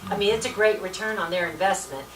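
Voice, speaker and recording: Talking fast at medium pitch with a fairly bright tone, this volunteer speaker delivers an informal political talk at a meeting. Her folksy, emphatic style leans on a repeated "let me tell you." The meeting room echoes, the mic is distant, and a faint hiss runs underneath.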